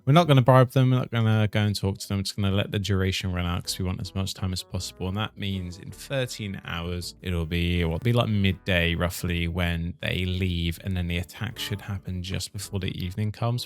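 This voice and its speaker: A man's voice: low voice, vocal fry, no echo. A man giving casual, cheeky gameplay commentary, chatting along and teasing the characters on screen. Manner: chatty, cheeky, mildly swearing at his settlers. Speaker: gaming commentator.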